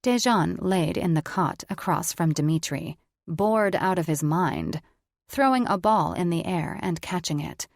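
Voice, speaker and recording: A woman reads fantasy fiction aloud in a measured, even way. Her voice is on the low side. The sound is dry and close. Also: dry recording. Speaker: audiobook narrator. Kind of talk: scripted fiction narration.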